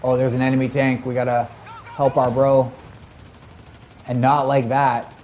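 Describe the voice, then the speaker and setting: A man streaming a shooter game, chatting casually with his viewers in a rambling, filler-heavy way that jumps to excited highs. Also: a little slow, dull audio, a little hiss or hum. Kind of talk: casual live-stream gameplay chat.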